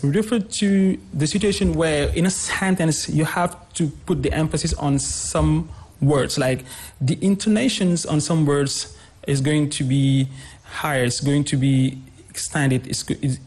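A man's voice: a little high, measured pace, darkish tone. A man teaching English pronunciation, explaining word stress and repeating each example word several times.

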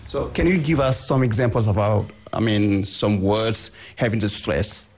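Low, husky man asking questions. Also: unhurried, darkish tone. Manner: polite, asks for correction.

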